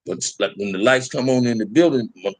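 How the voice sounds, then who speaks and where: A man's voice: mid-range voice, no room sound. Candid streetwise man telling prison stories. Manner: streetwise slang, laid-back and candid, drawn-out "man". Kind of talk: casual storytelling to a live chat.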